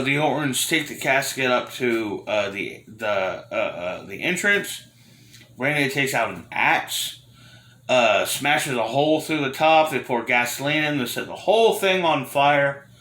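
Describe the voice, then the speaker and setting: A man's voice: fairly high pitch, pushed and bright, echoey room. Rambling man reviewing old wrestling. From Florida. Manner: rambling, many fillers and restarts, frank. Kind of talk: casual review monologue.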